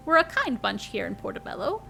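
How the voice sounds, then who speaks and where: Woman voicing doting village grandmother, high and sing-song, cozy game. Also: very animated, fairly quick, vocal fry, sharp tone, slight background noise, heavily acted. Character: warm, fussing old grandmother.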